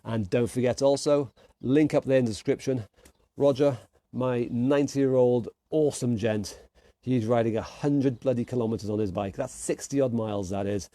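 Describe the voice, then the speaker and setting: A man's voice: medium pitch, normal speed, warm tone, dry recording. A man coaching an online workout class, calling out moves and counting down with upbeat encouragement. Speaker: fitness instructor.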